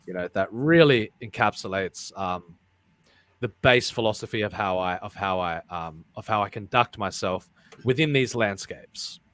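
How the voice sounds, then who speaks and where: Rambling low-voiced man hosting a live show. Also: normal speed, fairly bright tone. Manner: rambling, repeats words, laughs often. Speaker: podcast host. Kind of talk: casual live-stream chat.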